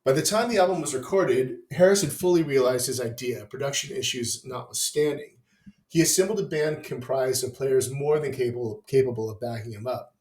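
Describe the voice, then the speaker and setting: A man of middle pitch hosts an opinionated album review, swearing freely and tossing in dry jokes. His voice carries a roomy echo around it. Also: a little mellow. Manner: enthusiastic, profane, wry asides. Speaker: music review host.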